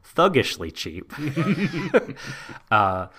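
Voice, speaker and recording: A man's voice: medium pitch, sing-song, extremely slow, a crowd in the background. A man co-hosting a podcast, casually recapping an anime episode with frequent laughs and many ums. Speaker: podcast co-host.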